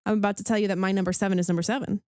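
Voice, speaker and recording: A woman's voice: mid-range voice, steady tone, racing, a little mellow, smooth, no echo, studio quality. A woman co-hosting a podcast in casual chat, bubbly and enthusiastic, with lots of "um" and "like". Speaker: podcast co-host.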